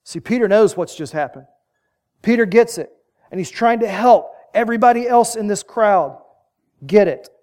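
A man's voice: sits high, expressive, normal speed, darkish tone. A man preaching a sermon, telling the story vividly and building to emphatic peaks.

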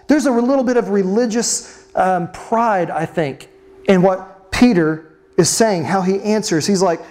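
Brief: a preacher in mid-sermon, expressive, leaning on slow dramatic stresses and rhetorical questions, at a mid-range pitch.

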